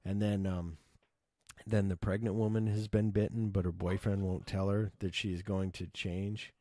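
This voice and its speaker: Deep-voiced man gushing about a film. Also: little pitch movement, normal speed, dark tone, no room sound, clean studio sound. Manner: enthusiastic, swears, acts out quotes. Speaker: film fan retelling scenes. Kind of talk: casual movie recap.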